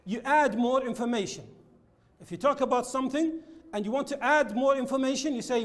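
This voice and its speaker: A man teaching an English lesson, explaining linking words slowly and repeating his examples. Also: extremely high pitch. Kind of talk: classroom lesson with slides.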